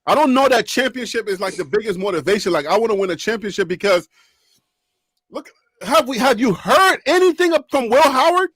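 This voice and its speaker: A woman hosting a casual live sports talk show, animated and laughing often as she teases her co-hosts. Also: a little high, a little fast, slightly rough, no echo.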